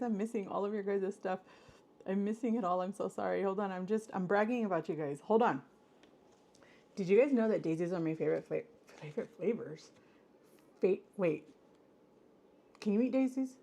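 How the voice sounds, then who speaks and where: A woman hosting a casual live stream and chatting to her viewers, effusive and gushing, her voice swooping up high whenever she gets excited. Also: normal speed, gravelly, long pauses.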